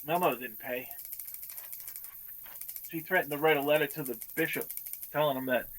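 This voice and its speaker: A man's voice: fairly high pitch, fairly even intonation, normal speed, long pauses, a bit bright, low-quality recording. A man on a casual podcast telling family stories, acting out relatives' lines and swearing freely. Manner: storytelling, acts out quoted relatives with swearing. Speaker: podcast host. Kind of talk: casual chat.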